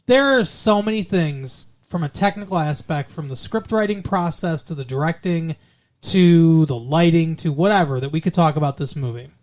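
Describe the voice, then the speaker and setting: A man's voice: a little high, animated, moderate pace. A man co-hosting a casual movie review podcast, rambling and joking, often breaking into mock impressions. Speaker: podcast co-host.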